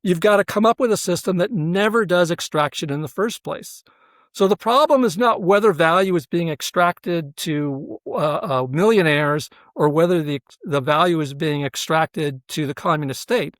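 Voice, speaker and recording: A man's voice: fairly high pitch, normal speed, fairly bright tone, no room sound, clean studio sound. A man, a professor, explaining his ideas earnestly in an interview, with frequent fillers and "right?" check-ins to the listener. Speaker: professor and researcher, interview guest.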